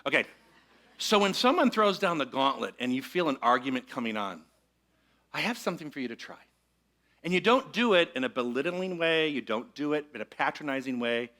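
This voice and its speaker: A man preaching a relaxed, conversational sermon to a live congregation. His voice is bright and forward, and he often pauses to invite the room to repeat a line with him. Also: a little high. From Michigan. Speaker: minister. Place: church sanctuary with congregation.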